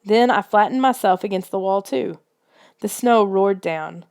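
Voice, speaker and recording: Her medium-pitched voice is darkish, a little slow and marked by vocal fry as she reads a children's adventure book aloud. As an audiobook narrator, she gives the scripted story a tense, suspenseful feel.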